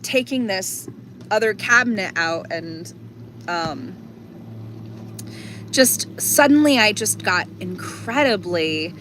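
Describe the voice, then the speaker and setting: Young woman vlogger, slow and bright, chatty and meandering, speaking from inside a van. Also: mid-range voice, expressive, a little hiss or hum. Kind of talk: casual rambling storytelling.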